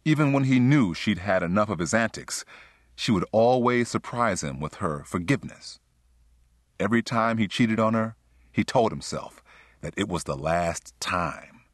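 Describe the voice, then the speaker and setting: A man narrating an audiobook in a smooth, expressive storytelling manner. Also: on the low side, normal speed, no room sound, studio quality. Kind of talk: scripted narration.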